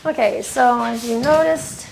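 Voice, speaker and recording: At an indoor grooming table, a woman dog groomer walks viewers through a groom, coaxing the dog and correcting it firmly while making chatty asides. Her voice is a little high and a little slow, with vocal fry, over a noisy background.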